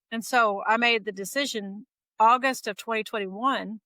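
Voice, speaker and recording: Bright-voiced middle-aged woman telling her story. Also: a little high, normal speed, no room sound, poor audio. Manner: lively retelling that acts out quoted dialogue. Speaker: interview guest. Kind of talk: casual conversational storytelling.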